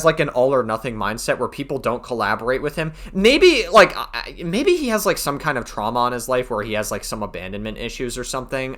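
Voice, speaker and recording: A man giving casual reaction commentary, rambling with many fillers and swinging from loud outbursts to quiet mumbles. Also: medium pitch. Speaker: commentary streamer reacting to allegations.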